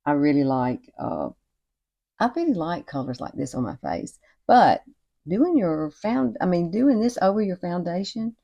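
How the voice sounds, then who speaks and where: A woman talks through a casual makeup tutorial at home. She sounds chatty and encouraging and keeps calling the viewer girl. Her voice sits a little low. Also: big pitch swings, unhurried, creaky, warm tone, lo-fi sound. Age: 60s. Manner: chatty and encouraging, often says y'all and girl. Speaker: beauty vlogger. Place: home at night with cicadas outside.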